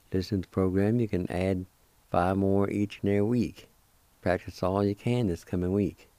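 A man hosting a radio language lesson, speaking slowly and deliberately and breaking words into syllables that he says again and again. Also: lowish voice, mellow, dry recording. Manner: spells out and repeats words syllable by syllable. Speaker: radio host teaching Cherokee words.

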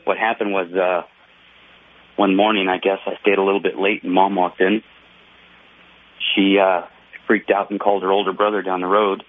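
A man calls in to a radio show and tells his story in a laid-back way. His voice is deep and flat, with little rise and fall. It comes through a narrow, tinny phone line. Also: normal speed, pauses often. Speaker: caller. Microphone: telephone.

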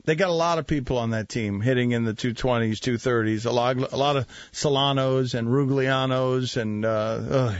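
A man in his forties hosting a sports talk radio show, animated and needling. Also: mid-range voice, moderate pace, hardly any pauses, no room sound, muffled recording. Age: 40s. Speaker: radio host.

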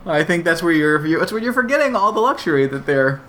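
Wry male co-host, slightly high voice. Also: sing-song, fast talker, fairly bright tone, slight background noise. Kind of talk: casual podcast chat.

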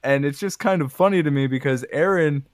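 A man's voice: a little high, brisk, dry recording, studio quality. A man who is a guest on a podcast, telling an anecdote with animation and chuckling between lines. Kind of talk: casual storytelling on a podcast. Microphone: computer mic on voice chat.

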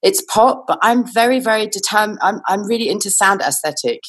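A woman's voice: mid-range voice, expressive, a little fast, breathy edge. Reflective woman musician being interviewed. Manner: reflective, laughs easily, says "you know". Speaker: musician guest. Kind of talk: casual interview over a video call. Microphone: video call.

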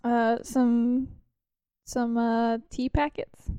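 High-voiced playful teasing woman. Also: little pitch movement, mellow, clear, resonant tone, no room sound, clean studio sound. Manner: playful, teasing, quick to laugh. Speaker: podcast co-host. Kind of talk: casual comedic chat.

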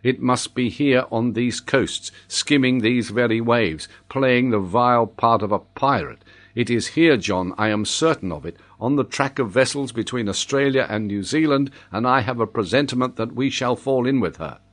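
A man's voice: mid-range voice, moderate pace, a bit bright, natural voice. A man reading as an anxious, grieving nobleman. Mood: urgent. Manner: tense, brooding.

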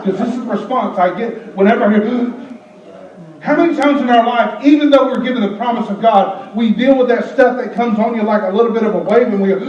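Animated preacher with a high voice. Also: male voice, brisk. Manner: animated, gasping, comic preaching with acted-out voices. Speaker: pastor. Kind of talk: sermon. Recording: echoey church, distant mic, dull.

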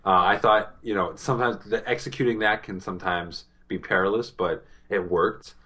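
Deep-voiced man with a Boston accent. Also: fairly even intonation, pushed and bright, husky. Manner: halting, many fillers and restarts. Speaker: podcast co-host. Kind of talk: casual TV review chat.

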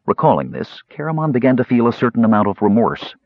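A man narrating a fantasy novel as an audiobook, in an expressive, measured storytelling manner. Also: medium pitch, dry recording, muffled recording.

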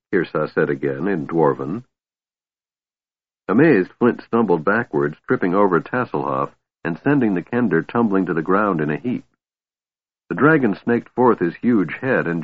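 A male audiobook narrator with a very low, husky voice, telling a fantasy story at a measured pace. The recording is dry and thin, cut down like a phone line. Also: dry recording. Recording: tinny phone-like band, dry.

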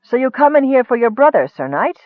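A man voicing a sinister, frail male wizard who speaks softly with a hiss and a calm sneer. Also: very high voice, brisk, no room sound, voice pushed up. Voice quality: soft hissing voice. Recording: tinny phone-like dry sound.

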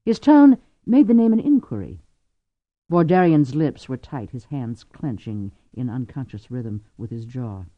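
A man narrating an audiobook in an expressive, varied reading. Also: mid-range voice, measured pace, no room sound, lo-fi sound. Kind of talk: scripted narration.

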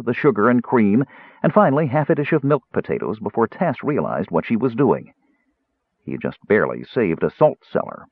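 A man giving a dramatic, lively narration of a fantasy audiobook. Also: medium pitch, slightly rough, no echo. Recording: tinny phone-like dry recording.

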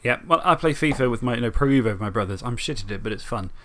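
Man, casual podcast chat, rambling, laughs a lot, mid pitch. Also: lively intonation, fast talker, a bit bright. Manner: chatty, rambling, laughs often. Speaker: podcast co-host. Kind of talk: casual chat about tabletop and video games.

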